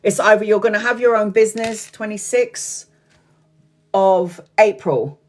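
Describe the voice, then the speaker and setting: During a live-streamed tarot reading, a woman with a mid-range voice talks frankly at an unhurried pace. She swears freely, laughs often and keeps drifting off on tangents.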